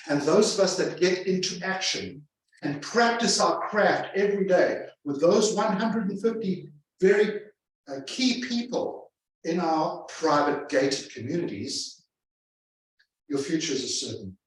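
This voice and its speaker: A man's voice: fairly high pitch, animated, measured pace. A man giving a live seminar to a room of real estate agents as a sales trainer, emphatic and fond of repeating phrases for effect. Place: large room with a live audience. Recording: echoey room from a distance.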